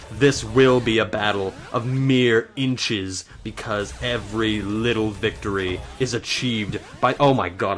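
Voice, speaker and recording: Male gamer, lowish voice, unhurried delivery, panicky self-talk that turns to reassurance, faint game music behind. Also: a bit bright. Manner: frantic self-talk, swinging between panic and self-soothing. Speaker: let's player. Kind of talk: let's play commentary.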